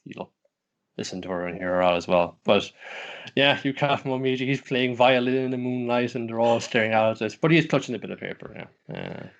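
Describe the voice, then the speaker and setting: A man's voice: mid-range voice, a little fast. A man co-hosting an anime podcast, talking casually and hesitantly with many fillers. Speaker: podcast co-host. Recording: dull lo-fi stream audio.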